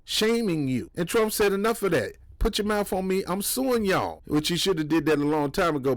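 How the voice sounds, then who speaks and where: Give me a heated, trash-talking man, slightly high voice, recorded dry and close. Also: dry recording. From New York. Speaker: political commentator. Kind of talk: casual reaction commentary.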